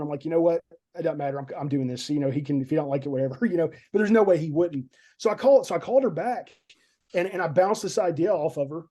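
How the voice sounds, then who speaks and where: A man's voice: on the high side, dark tone. A man, a film director, telling a story in casual podcast chat, rambling and repeating words as he goes.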